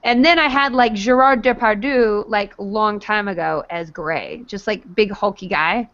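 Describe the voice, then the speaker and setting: A woman hosting a book club, chatting casually with hesitant pauses. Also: medium pitch, a bit bright, muffled recording. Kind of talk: casual chat.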